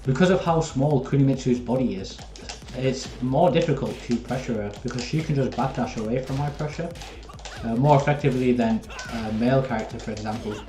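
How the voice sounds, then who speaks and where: A man's voice: mid-range voice, fairly quick, warm tone, soft background music. A young man, chatting casually with viewers while commenting on his own live gameplay. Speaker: streamer. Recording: roomy echo.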